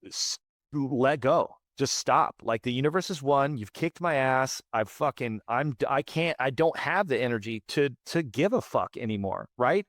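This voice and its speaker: A man's voice: mid-range voice, animated, normal speed, few pauses, no room sound, studio quality. A man in his late thirties, a podcast guest, telling a raw personal story in a candid, profane, emphatic way, often repeating his words. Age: late 30s. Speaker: podcast guest, band frontman.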